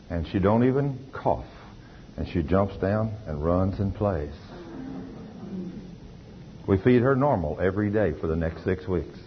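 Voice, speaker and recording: A man's voice: deep voice, a little hiss or hum. A man preaching a sermon, telling testimony stories with emphatic delivery. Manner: emphatic, testifying with acted quotes. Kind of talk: sermon storytelling. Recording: dull lo-fi recording.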